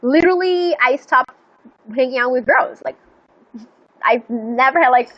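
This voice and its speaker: High-voiced young woman, chatty and rambling. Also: measured pace. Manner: rambling and animated, full of "like" and swearing. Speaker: live streamer. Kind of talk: casual storytelling chat. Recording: slightly muffled lo-fi stream audio.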